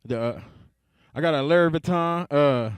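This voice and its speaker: A young man performing stand-up in an easy, laid-back way, chuckling to himself between jokes. His voice sits a bit high for a man and sounds close and dry. He stretches out his punchlines. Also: unhurried, smooth, no echo. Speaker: stand-up comedian. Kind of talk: stand-up comedy set.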